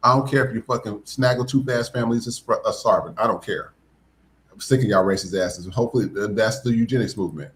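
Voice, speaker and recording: Guy ranting on a podcast, cussing a lot, loud and fired up. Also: lowish voice, fast. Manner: profane, animated, mocking mimicry. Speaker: podcast host. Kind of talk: casual political commentary.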